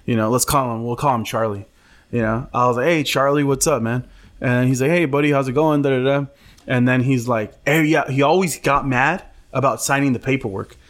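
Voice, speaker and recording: A man's voice: medium pitch, brisk. Swearing man telling a story. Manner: animated storyteller, swears freely, mimics others. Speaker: podcast co-host. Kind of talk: casual podcast chat.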